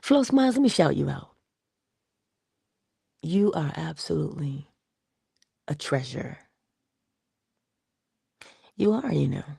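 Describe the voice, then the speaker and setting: A woman with a gravelly, husky low voice hosts a casual motivational livestream, speaking slowly and pausing often. She's playful, dropping into breathy whispers and bursting into animated voices for quotes. The audio is close and dry, with no echo.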